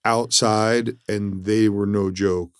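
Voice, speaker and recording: A middle-aged man with a fairly low voice talks in an easygoing, rambling way, often restarting his sentences. The sound is dry and close, with no room around it. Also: fairly even intonation, takes it slowly, clean tone, dry recording. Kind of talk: casual travel chat.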